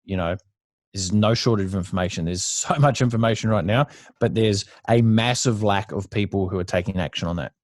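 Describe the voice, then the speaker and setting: An Australian entrepreneur in his thirties is a guest on a casual interview, telling stories bluntly and chattily and swearing without restraint. His voice is lowish and his pace brisk, captured in studio quality with no room sound.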